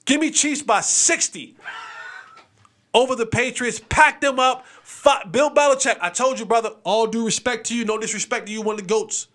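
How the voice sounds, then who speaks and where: A man hosting a sports show, giving game picks in a casual, animated and playful way, repeating phrases for emphasis. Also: extremely high pitch, fairly quick, few pauses.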